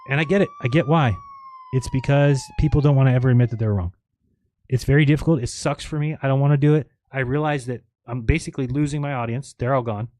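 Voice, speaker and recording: A man's voice: medium pitch, a little mellow. A man hosting a live stream in a casual, rambling monologue, sarcastic and mocking as he quotes others.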